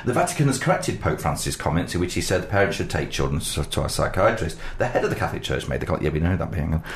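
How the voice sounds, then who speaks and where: Deep-voiced wry male radio host. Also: big pitch swings, racing, slight background noise. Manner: wry, joking, reads news aloud with asides. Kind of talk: casual radio chat.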